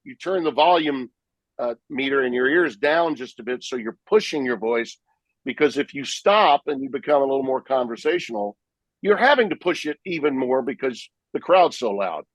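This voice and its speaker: A man, a sports broadcaster, telling lively stories about calling games in a podcast interview. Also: mid-range voice, moderate pace, no echo, poor audio. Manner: animated, vivid storyteller who acts out his own play calls. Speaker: sportscaster guest.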